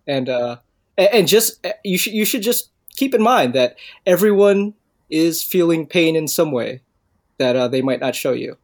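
Teasing man with a higher voice. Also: expressive, moderate pace. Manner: teasing, laughing, hesitant with fillers. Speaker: podcast co-host. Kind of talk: casual chat.

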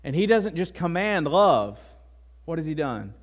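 A man's voice: fairly high pitch, sing-song, unhurried. A male pastor delivering a sermon in a conversational way, with frequent asides and tag questions. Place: church.

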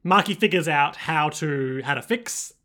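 A man's voice: on the high side, measured pace, bright, forceful tone. A man co-hosting a casual podcast, recapping an anime with jokes, fillers and frequent laughs. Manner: joking, laughs often, rambling with fillers. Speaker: podcast co-host.

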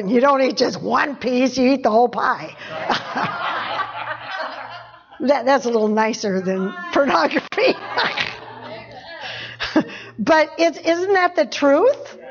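A woman preacher giving an informal sermon, chatty, laughing often and repeating phrases for emphasis. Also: fairly high pitch. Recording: dull lo-fi recording.

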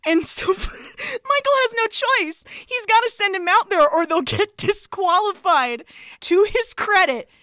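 A woman co-host talks through a movie plot in a loose, animated way, swearing and laughing as she goes. Her voice sits high and sounds bright. The recording is close and dry. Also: measured pace, no echo. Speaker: podcast co-host. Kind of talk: casual chat recapping a movie.

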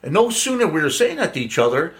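A man's voice: a little high, very animated, fast talker. A middle-aged man telling a story casually to family, with a playful, laugh-prone manner. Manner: laughs often, playful prankster. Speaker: guest storyteller.

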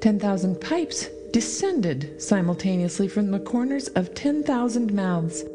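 A woman narrating a story aloud in an expressive reading style, with dramatic pauses. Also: medium pitch, music in the background. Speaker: audiobook reader. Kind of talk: scripted narration.

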